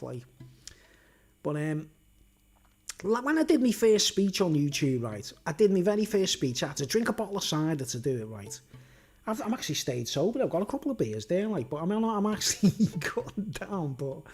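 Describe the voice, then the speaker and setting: Rambling man with a lively voice. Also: fairly high pitch, husky. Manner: conversational, tag questions, frequent "you know what I mean". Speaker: vlogger. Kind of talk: rambling conspiracy monologue to camera.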